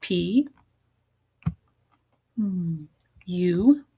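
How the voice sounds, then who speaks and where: Slow, gravelly-voiced woman teacher. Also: fairly low pitch, animated, warm tone. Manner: slow, patient, sounding out syllables and letters. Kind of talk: recorded phonics lesson for students.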